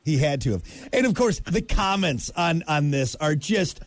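Brief: male morning-radio co-host, high, bright-toned voice, excitable, dry studio sound. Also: dry recording. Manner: excitable, laughing, quick asides. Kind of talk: casual sports chat. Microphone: studio mic.

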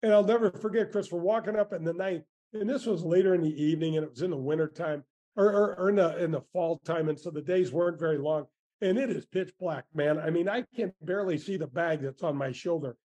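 A man in his sixties tells his stories with gusto, circling back and restarting his sentences. His voice is warm and mellow and sits a little high. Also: quick pace, lo-fi sound. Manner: animated storyteller with many restarts and "man" asides. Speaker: former tour golfer, guest. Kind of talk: storytelling interview answers.

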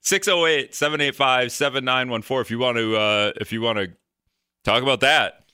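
A man's voice: mid-range voice, moderate pace, bright, forceful tone, smooth, no echo, clean studio sound. A man hosting a call-in radio talk show, rambling in a joking way and acting out exasperated reactions.

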